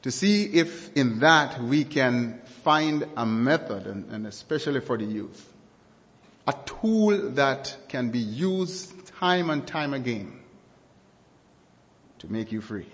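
Slow, emphatic preacher man in an echoing hall. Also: medium pitch, animated, fairly bright tone. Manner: slow, deliberate, repeats key words for emphasis. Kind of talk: sermon.

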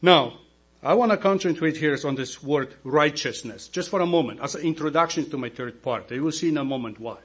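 Male deacon, non-native English speaker, slightly raised pitch, slow emphatic sermon over a mains hum. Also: husky. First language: not English. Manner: slow, emphatic preaching with rhetorical questions to the congregation.

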